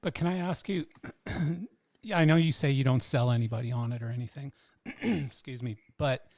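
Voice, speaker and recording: A man's voice: mid-range voice, moderate pace, darkish tone, no room sound. A man with a mid-range voice hosts a podcast. He asks questions casually and hesitantly, filling gaps with fillers. His voice is recorded close and dry. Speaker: podcast host. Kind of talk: casual interview chat.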